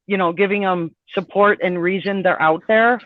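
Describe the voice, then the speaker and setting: Male caller, chatty, high voice; thin dry phone sound. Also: fairly even intonation, moderate pace, no echo. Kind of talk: casual chat on a live stream. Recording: tinny phone-like line, dry.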